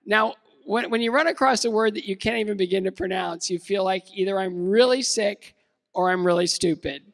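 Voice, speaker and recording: A man in his fifties from the United States delivers a motivational keynote in a large event hall, casual and self-deprecating, full of fillers and restarts. His voice is high, brisk, creaky, and fairly bright, and the hall adds a long reverb.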